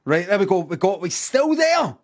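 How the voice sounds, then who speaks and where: A man's voice: high-pitched, big pitch swings, moderate pace. A man on a podcast, teasing his co-host in a sweary, mocking way and repeating his lines back. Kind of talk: podcast chat.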